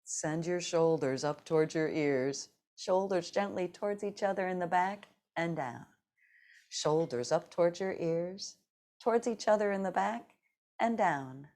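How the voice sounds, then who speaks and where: A woman leading a seated exercise class, giving slow, encouraging cues and laughing often between them. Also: fairly low pitch, darkish tone. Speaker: fitness instructor.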